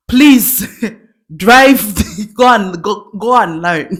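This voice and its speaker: A woman's voice: medium pitch, animated, very slow. A woman doing a frantic scolding mother. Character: panicked protective middle-aged mother, shouting.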